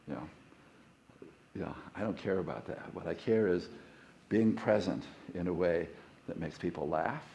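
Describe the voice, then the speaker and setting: Middle-aged male minister, warm mellow tone, relaxed conversational sermon, leads call-and-response. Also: fairly low pitch, slight background noise. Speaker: guest minister.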